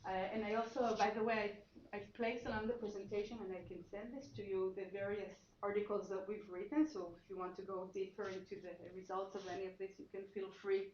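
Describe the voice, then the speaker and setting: A woman's voice: mid-range voice, level tone, quick pace, few pauses, a little mellow. A woman presents her research at a seminar, explaining as she goes and often reworking her sentences mid-thought. Her voice carries through an echoey room with a dull, muffled tone and a faint hiss of noise behind it. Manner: explanatory, thinking aloud with frequent restarts. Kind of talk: academic seminar talk.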